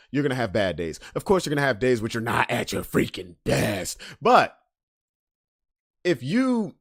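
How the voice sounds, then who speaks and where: A man hosting a casual solo podcast and reacting to memes. He talks bluntly and profanely, swinging between loud emphasis and low asides. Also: no echo, studio quality. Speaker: podcast host.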